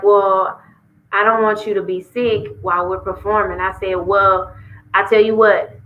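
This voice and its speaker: A woman from Memphis, sharing a personal testimony as an interview guest and acting out dialogue with sudden jumps in pitch. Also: muffled recording. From Memphis, Tennessee. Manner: animated storyteller, acts out dialogue with lively pitch jumps. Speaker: guest singer sharing her story.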